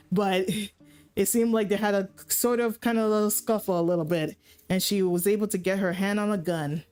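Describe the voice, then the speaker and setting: A woman's voice: medium pitch, darkish tone. A woman streamer casually recapping a story in a rambling, profane way, often correcting herself mid-sentence. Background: faint background music.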